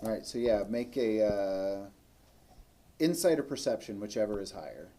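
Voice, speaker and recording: A man narrating as game master, easygoing and halting, often pausing mid-sentence. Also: on the low side, expressive, mellow, slight background noise.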